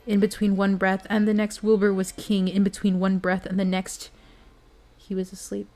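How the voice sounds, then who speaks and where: A woman's voice: medium pitch, completely flat delivery, moderate pace, darkish tone, faint music behind. A young adult woman streamer reading a bedtime story and chatting with her viewers, earnest and emotional.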